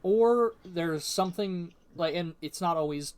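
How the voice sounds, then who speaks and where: A man's voice: high-pitched, a little slow, a crowd in the background. A man with a Midwestern US accent in casual podcast chat, rambling with fillers and swearing freely. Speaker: podcast co-host.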